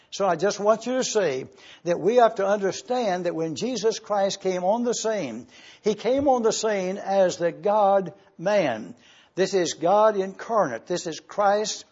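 A man preaching a Bible teaching sermon, explaining terms deliberately and drawing out key words slowly. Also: sits high, darkish tone. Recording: muffled lo-fi recording.

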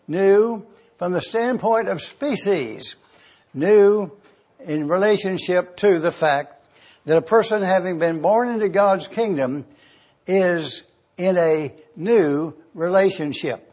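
A man with a high voice preaches at an unhurried, measured pace. He teaches word studies deliberately, spelling terms out letter by letter. The recording sounds dull and lo-fi. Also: breathy edge. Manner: slow, deliberate, spells out Greek words letter by letter. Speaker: pastor. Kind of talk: sermon.

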